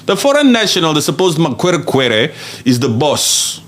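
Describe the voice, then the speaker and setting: A man's voice: on the high side, very animated, normal speed, fairly bright tone. A man hosting a podcast, ranting bluntly and mockingly, swearing and repeating himself for emphasis. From outside South Africa. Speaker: podcast host. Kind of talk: opinionated podcast rant.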